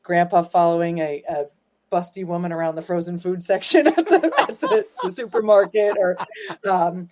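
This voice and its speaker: A woman's voice: lowish voice, expressive, normal speed, darkish tone. Woman guest telling laughing family anecdotes. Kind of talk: casual interview storytelling.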